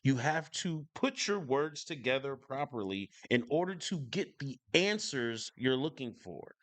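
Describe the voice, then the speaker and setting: A man hosts a casual reaction video. He enunciates clearly and lays out his opinions emphatically, repeating lines to drive them home. His voice sits at an ordinary middle pitch, and the dry recording has no room sound. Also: animated, a little slow, fairly bright tone, dry recording. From northern United States. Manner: lecturing, repeats points for stress. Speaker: reaction channel host.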